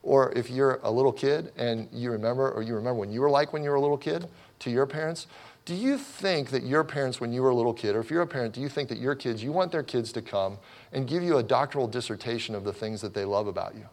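A man's voice: mid-range voice, fast talker. Man preaching a conversational sermon. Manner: conversational, self-correcting, lightly sarcastic. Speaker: pastor.

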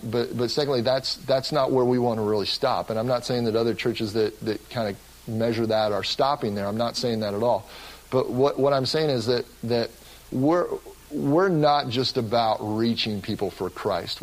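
A man's voice: medium pitch, fairly even intonation, normal speed, rough recording. A man preaching a sermon as pastor of his church, earnest and often restarting his words. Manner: earnest, with frequent word repeats and restarts.

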